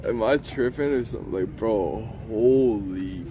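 A man livestreaming outdoors, talking in a rambling, profane, agitated way while high and paranoid. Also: measured pace, very noisy. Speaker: IRL livestreamer. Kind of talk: live street streaming.

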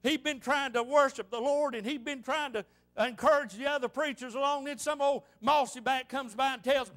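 A man pastor delivers an impassioned sermon in a church, his voice pitched unusually high for a man. He presses each point with frequent amens. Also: brisk, fairly bright tone. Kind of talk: fervent sermon.

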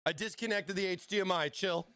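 High-voiced hyped-up male streamer. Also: brisk, no echo, faint music behind. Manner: excitable, hyped, talks to chat. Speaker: livestream host. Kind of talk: casual livestream chat.

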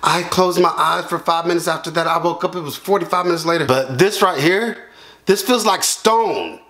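A man vlogging to camera in a casual, animated way, calling his viewers y'all and yelping and groaning as he peels a painful mask. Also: on the high side, normal speed.

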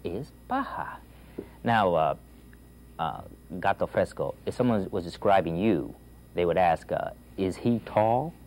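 A man teaching a language lesson, enthusiastic and coaxing, who repeats phrases slowly for the learner. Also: sits low, expressive, darkish tone, rough recording. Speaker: Spanish teacher.

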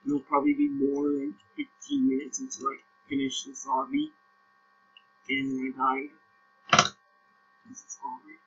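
A man's voice: a little high, big pitch swings, unhurried, vocal fry, pauses often, dull audio, very noisy. A young man with a Norwegian accent, casually commenting on a game and puzzling aloud as he plays. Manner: puzzled, thinking aloud, repeats himself. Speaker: gameplay commentator.

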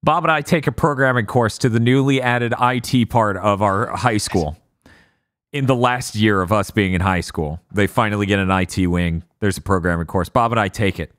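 A man hosting a podcast, telling stories in casual chat, blunt and quick to swear. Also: fairly low pitch, a bit bright, no room sound, studio quality. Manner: storytelling, blunt, swears freely. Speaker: podcast host.

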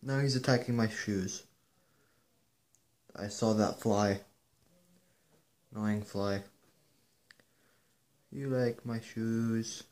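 A man's voice: on the low side, fairly even intonation, very slow, long pauses, darkish tone. Man doting on his kitten. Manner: playful, doting, talks to the kitten. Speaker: pet owner filming his kitten. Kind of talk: casual talk to a pet. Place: at home, indoors.

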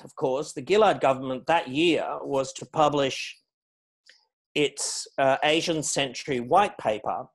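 A middle-aged man giving a public lecture as guest speaker, measured and anecdotal, stressing key words. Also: mid-range voice. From Australia. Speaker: guest speaker on foreign policy.

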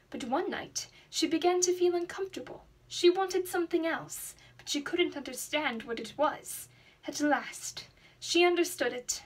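A young woman reading a children's storybook aloud in an expressive, dramatic way. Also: sits high. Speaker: student reader.

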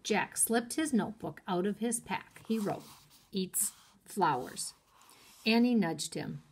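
A woman's voice: medium pitch, animated, a little hiss or hum. A woman teacher reading a chapter book aloud to children and stopping to explain words. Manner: slow and clear, explaining words. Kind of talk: read-aloud storytime for children.

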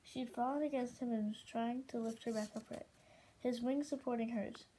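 A woman reading a novel aloud in a steady, expressive way. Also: fairly high pitch, moderate pace, a little hiss or hum, rough recording. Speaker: audiobook reader.

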